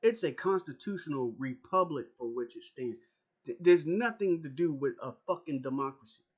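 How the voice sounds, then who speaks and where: A man delivering an angry, profane political rant as a YouTuber, confrontational and repeating his points. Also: mid-range voice.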